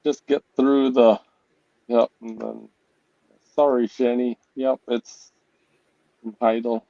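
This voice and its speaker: A man co-hosts a livestream at an unhurried pace, reading out chat messages. His voice is warm and dark, with a dry, slightly lo-fi sound. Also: mid-range voice, little pitch movement, creaky, no room sound. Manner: laid-back, reads chat messages aloud.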